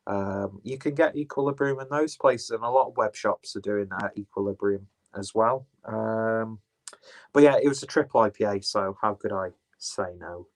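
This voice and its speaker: A man's voice: fairly low pitch, normal speed. A man chatting casually through an unboxing, rambling, swearing and correcting himself as he goes. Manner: rambling, profane, self-correcting. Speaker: beer reviewer.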